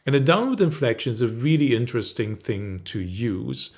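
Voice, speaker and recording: A middle-aged man, a confidence coach, teaching straight to camera in a calm, measured way. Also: medium pitch. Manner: calm, measured, demonstrates intonation.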